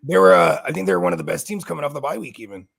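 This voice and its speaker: A man's voice: fairly high pitch, sing-song, racing, creaky, fairly bright tone, no room sound. A man co-hosting a casual sports chat, talking in loose, slangy, laughing banter. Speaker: co-host.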